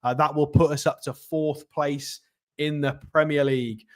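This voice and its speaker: A man hosting a live football watchalong, chatty and excitable, reading out and thanking viewer messages. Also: fairly high pitch, moderate pace. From North East England. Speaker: football channel host. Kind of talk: live match watchalong commentary.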